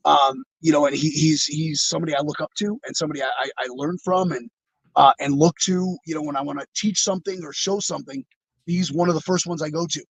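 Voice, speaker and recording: A man's voice: fairly high pitch, steady tone, quick pace, husky, no room sound, low-quality recording. A man being interviewed over a video call, telling rambling, reflective stories with many fillers and restarts. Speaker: interview guest, former wrestler. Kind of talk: casual storytelling.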